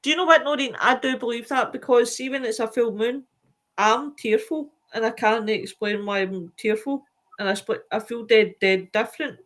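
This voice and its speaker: A woman's voice: fairly high pitch, moderate pace. Chatty, tired woman hosting a live stream. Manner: chatty and animated, with many fillers. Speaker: show host reading viewer comments. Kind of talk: casual live-stream chat.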